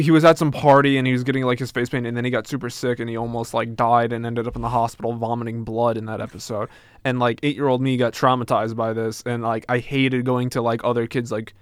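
A man's voice: mid-range voice, smooth, no room sound, studio quality. A young man in casual chat, rambling through a story with many fillers.

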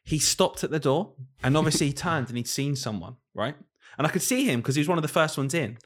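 A British man, a primary school teacher co-hosting a podcast, telling anecdotes in relaxed, teasing chat. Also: on the high side, quick pace. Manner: easygoing, teasing banter, narrates anecdotes calmly. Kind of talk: casual chat.

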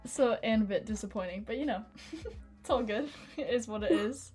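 A woman's voice: fairly high pitch, moderate pace, over music. Giggly young woman co-hosting a podcast. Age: young adult. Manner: laughs often, self-deprecating. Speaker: podcast co-host. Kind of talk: casual chat. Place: own room.

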